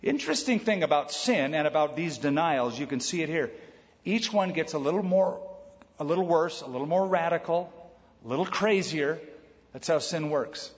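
A man preaching a sermon in a conversational way, tossing in quick quoted asides. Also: a little high, lively intonation. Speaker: pastor. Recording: dull sound with long hall reverb.

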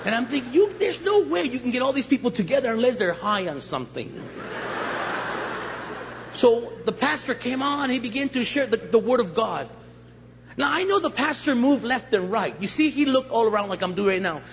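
A man with a high-pitched voice tells his testimony from a church pulpit, animated and playful, acting out the people in his story. His voice rings with a long echo through the hall, and the sound is a little dull. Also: normal speed, background noise. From Los Angeles County, USA. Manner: animated storyteller, acts out voices, jokes with the crowd. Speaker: guest preacher. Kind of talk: sermon testimony. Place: church sanctuary.

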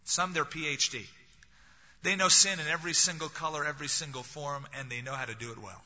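A man's voice: a little high, fairly even intonation, fairly quick, pushed and bright. A man preaching a sermon in a conversational way, with wry, humorous asides. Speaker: pastor. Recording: reverberant hall, dull lo-fi sound.

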